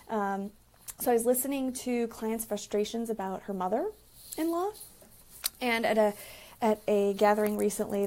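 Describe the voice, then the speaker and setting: A woman therapist and relationship coach talking casually about boundaries, acting out quoted conversations with lively emphasis. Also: medium pitch, gravelly. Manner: animated, acts out quoted dialogue. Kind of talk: casual advice monologue.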